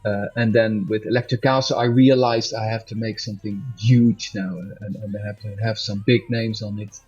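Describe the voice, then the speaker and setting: Casting: husky-voiced male musician, loose chatty interview, dull lo-fi sound, faint music behind. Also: on the low side, level tone, moderate pace, a little mellow. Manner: rambling, self-correcting, laughs often. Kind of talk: casual interview chat.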